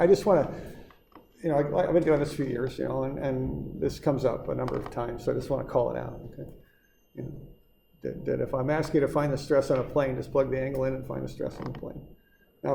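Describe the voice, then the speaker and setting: A gravelly-voiced man lectures an engineering class in an easygoing, repetitive manner, often checking in with his students. His voice is dark and mellow. The sound is roomy, with a faint hiss in the background. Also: medium pitch. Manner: relaxed, repetitive, reassuring explaining. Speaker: engineering instructor. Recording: echoey classroom with faint noise.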